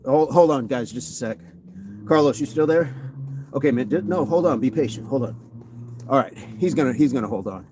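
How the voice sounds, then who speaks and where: A man's voice: mid-range voice, normal speed, background noise. A man hosting a daily fitness livestream, casually chatting, joking and greeting viewers by name as he reads their comments.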